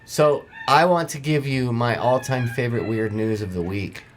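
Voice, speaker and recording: A man co-hosting a casual podcast, reading out odd news headlines. He swears freely and keeps a laid-back, joking manner, with a voice of ordinary middle pitch. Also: moderate pace, slight background noise. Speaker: podcast co-host. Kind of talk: casual chat.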